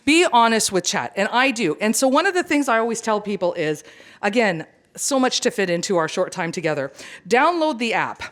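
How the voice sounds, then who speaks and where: Animated woman giving a seminar talk. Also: mid-range voice, brisk. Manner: animated, chatty, joking with the audience. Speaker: conference presenter.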